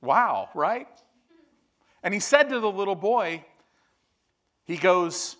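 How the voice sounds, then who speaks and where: A man preaching a sermon. He tells stories with lively, loud bursts and then drops to low, quiet emphasis. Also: slow pace, long pauses.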